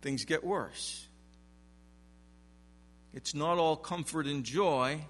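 A man's voice: on the high side, drawn-out words, a bit bright, long reverb tail, a little hiss or hum. A man preaching an expository sermon in a church sanctuary, emphatic, with rhetorical questions. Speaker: pastor.

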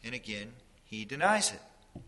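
A man preaching a sermon in an earnest, explanatory way, his loudness rising and falling for emphasis. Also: mid-range voice, very animated, a little slow. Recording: long hall reverb.

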